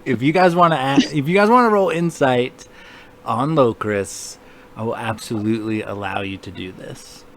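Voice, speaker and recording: A man's voice: medium pitch, normal speed, a bit bright. A man running a tabletop game as game master, explaining rules in an easygoing way.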